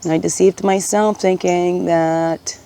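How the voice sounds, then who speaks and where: A woman giving a casual spiritual card reading, musing gently and often checking in with "right?". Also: on the low side, steady tone, a little slow, gravelly, clear, resonant tone.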